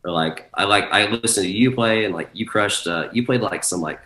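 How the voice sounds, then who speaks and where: Dj guy rambling thru a story w lots of "like", swears a ton, kinda low voice, echoey room. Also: fairly quick, bright, forceful tone. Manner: profane, rambling, filler-heavy. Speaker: guest DJ. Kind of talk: casual storytelling chat.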